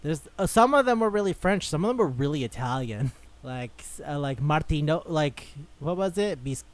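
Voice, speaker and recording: Podcast guy, kinda high voice, rambly, swears a lot, laughs all the time. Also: expressive, moderate pace. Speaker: podcast co-host. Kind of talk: casual chat.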